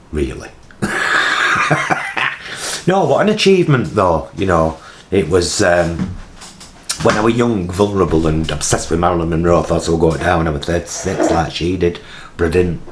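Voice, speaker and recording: A low-pitched British man in his forties rambles through a relaxed chat to camera, self-mocking and conversational. He talks from his home kitchen into his vlogging camera, with a faint hiss of noise behind him. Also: normal speed, pauses often. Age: 40s.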